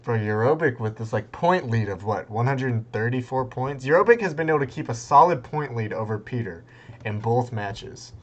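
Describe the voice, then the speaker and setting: A young man casting a strategy game tournament in a loose, rambling way, breaking into excited outbursts and laughter. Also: mid-range voice, moderate pace, lo-fi sound. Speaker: tournament caster. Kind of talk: casual game commentary.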